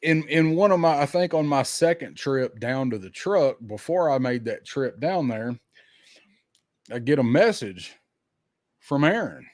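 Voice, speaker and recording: A man with a Southern US accent tells stories on a podcast in a loose, animated way, acting out quotes and swearing freely. His voice sits in a middle range and is recorded close and dry, with no room sound. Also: mid-range voice, a little slow, no room sound. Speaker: podcast co-host. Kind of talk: casual storytelling chat.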